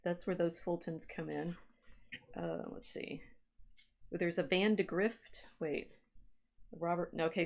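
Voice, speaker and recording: A woman historian co-hosting a casual livestream chat, musing aloud as she reads through family records. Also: fairly low pitch. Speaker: podcast co-host and historian.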